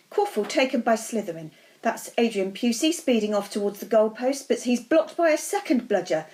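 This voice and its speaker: A woman reading aloud and voicing a cheeky, excitable schoolboy commentating on a match, her voice climbing as the play heats up. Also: on the high side. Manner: fast, rising with excitement. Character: boy student sports commentator, cheeky and excitable.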